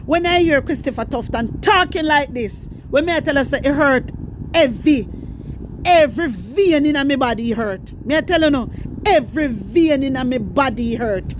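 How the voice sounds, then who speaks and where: A woman's voice: sits high, animated, normal speed, noisy background. A woman with a Jamaican accent giving impassioned political commentary, scolding and repeating herself as she speaks straight to her viewers. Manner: fiery, repetitive, scolding, addresses viewers directly.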